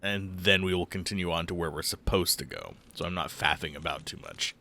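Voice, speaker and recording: Groggy low-voiced male streamer. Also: a little fast, creaky, pushed and bright, no echo. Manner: rambling, self-deprecating, chatty. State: groggy morning voice, phlegmy. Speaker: let's play streamer. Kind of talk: casual live game commentary.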